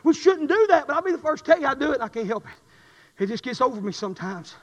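A middle-aged man preaching a sermon, swinging from quiet testimony to shouted fervor. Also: extremely high pitch, lively intonation, fast talker, big-room sound.

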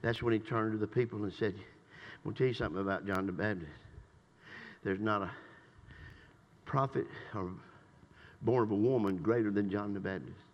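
An older man preaching a sermon in a church. He swings between shouted praise and low, conversational asides. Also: normal speed, lo-fi sound. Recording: long reverb in a church hall.

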